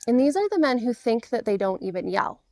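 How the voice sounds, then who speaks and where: A woman's voice: a little high, big pitch swings, fairly quick, dark tone, dry recording, clean studio sound. A middle-aged woman coaching men through divorce, explaining patiently and earnestly in a direct-to-camera talk.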